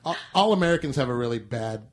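A man's voice: mid-range voice, lively intonation, quick pace. A man hosting a casual podcast chat, rambling and self-mocking. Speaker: podcast host.

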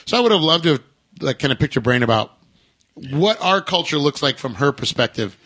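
A man hosting a podcast in casual chat, chatty and animated, with frequent halting restarts. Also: on the high side, husky. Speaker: podcast host.

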